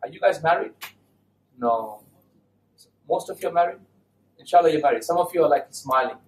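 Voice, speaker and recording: A man giving a lively talk to an audience, often asking the listeners questions. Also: a little high, brisk. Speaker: Islamic speaker giving a talk. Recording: echoey hall, mic at a distance.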